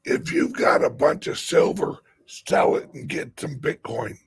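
A man hosting a crypto channel in an impassioned vlog rant. He talks urgently, drops to hushed whispers, rises to shouts, and swears freely for emphasis. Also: mid-range voice, unhurried, creaky, few pauses, breathy edge, no echo.

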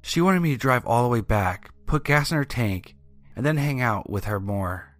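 A man narrating a first-person horror story in a steady, even storytelling manner. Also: medium pitch, normal speed, no echo. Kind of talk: scripted narration. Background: faint music.

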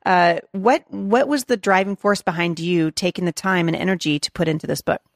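A woman's voice: lowish voice, fairly quick, no room sound, clean studio sound. A woman hosting an interview, asking long rambling questions full of fillers. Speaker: interview host. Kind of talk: conversational interview.

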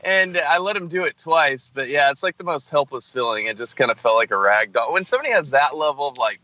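Podcast host man, bright forceful voice, dry close mic, rambling and animated. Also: a little high, fast talker, dry recording, muffled recording. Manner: animated, rambling, lots of fillers. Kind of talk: casual podcast chat.

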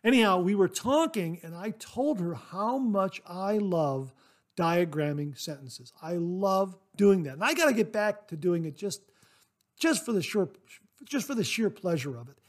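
A man's voice: sits high, lively intonation, a little slow. A man hosting a casual solo podcast, reading listener mail in a chatty, rambling way with lots of "uh" fillers and enthusiastic thanks. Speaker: podcast host.

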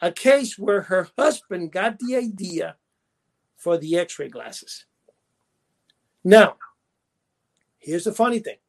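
A man's voice: sits high, expressive, slow pace, vocal fry, pauses often. A man co-hosting a casual chat show, rambling through his stories with restarts and laughing at his own jokes. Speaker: podcast co-host.

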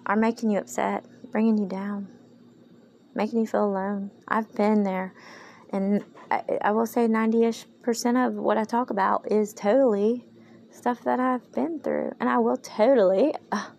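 A woman's voice: mid-range voice, vocal fry, darkish tone, a little hiss or hum. A tired woman talking through an emotional, rambling podcast monologue with a Valley Girl-ish lilt, recorded on a handheld phone as she paces a yard at night. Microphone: handheld phone while pacing.

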